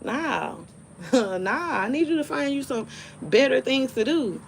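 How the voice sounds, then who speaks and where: A woman's voice: sits high, expressive, takes it slowly, gravelly, a little hiss or hum. A woman hosting a live stream, ranting in a blunt, profane, dismissive way and telling stories with animation. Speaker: livestream host. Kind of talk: casual live-stream rant.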